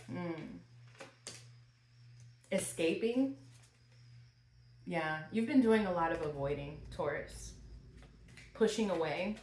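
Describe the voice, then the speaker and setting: A woman's voice: lowish voice, animated, slow pace, pauses often. A woman giving a channeled tarot reading, asking questions aloud and exclaiming. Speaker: tarot reader. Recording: roomy with faint noise.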